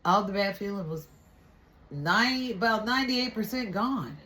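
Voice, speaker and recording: A woman's voice: mid-range voice, lively intonation, moderate pace, pushed and bright. A woman vlogger candidly recounting a personal experience in a reflective, storytelling way. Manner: candid, reflective, with frequent restarts.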